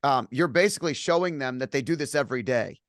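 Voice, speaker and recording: A man's voice: mid-range voice, fast talker, a bit bright, no echo, clean studio sound. A man hosting a podcast interview, agreeing with his guest and summing up his point. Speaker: podcast host.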